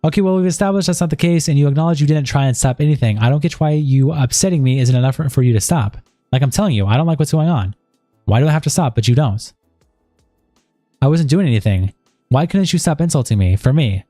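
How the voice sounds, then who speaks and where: A man's voice: fairly high pitch, fast talker, warm tone, no room sound, studio quality, faint music behind. A man on a stream, reading a chat log aloud and breaking in with asides of disbelief.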